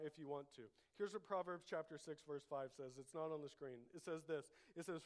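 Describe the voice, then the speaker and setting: A man preaching a sermon as pastor, emphatic, repeating key phrases and leading the congregation to say them back. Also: fairly high pitch. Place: church.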